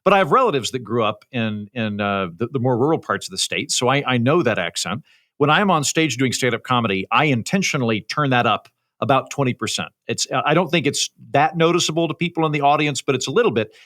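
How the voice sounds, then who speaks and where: A man's voice: medium pitch, animated, fast talker, fairly bright tone. A man in his thirties from Oklahoma with a light Oklahoma accent, telling stories in a casual chat with formal, authoritative diction and wry humor. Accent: light Oklahoma American. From Oklahoma, USA. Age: 30s. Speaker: comedian and podcast guest.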